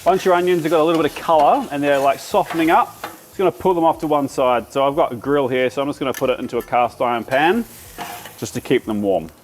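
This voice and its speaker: An Australian man hosts a casual cooking demonstration, chatting enthusiastically while he cooks. His voice is a little high and quick, with a little hiss or hum in the recording.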